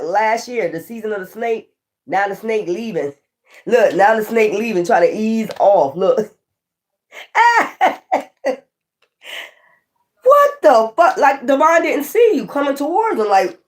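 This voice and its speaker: A woman giving a casual tarot reading, swearing often, laughing and talking straight to her viewers. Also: a little high. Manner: profane, laughing, animated asides to viewers. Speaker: tarot reader.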